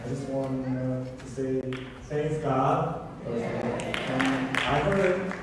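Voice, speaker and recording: A man with a Korean accent, a visiting gospel singer, speaking slow, halting English to a congregation. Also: mid-range voice, fairly even intonation, over loud music. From South Korea. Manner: halting, slow, careful non-native English. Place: large church sanctuary before a congregation. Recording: echoey church hall, distant mic, crowd.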